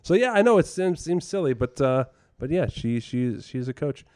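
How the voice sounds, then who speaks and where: A man's voice: on the high side, big pitch swings, moderate pace, a little mellow, no room sound, clean studio sound. A man co-hosting a comedy podcast, chatting casually with stammering restarts. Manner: stammering restarts, laughing easily. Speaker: podcast co-host.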